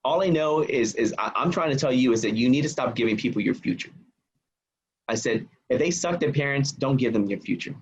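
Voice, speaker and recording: A man guest on a podcast, telling a personal story in an animated way and acting out the voices of the people in it. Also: medium pitch, fairly quick, slightly rough, low-quality recording. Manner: acts out quoted voices.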